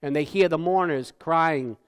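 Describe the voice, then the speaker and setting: A male pastor preaching a sermon in a conversational style, often asking "right?" and dropping to a hush for solemn points. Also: on the high side, measured pace, smooth. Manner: tag questions, repeats words. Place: church sanctuary. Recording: church hall with long reverb.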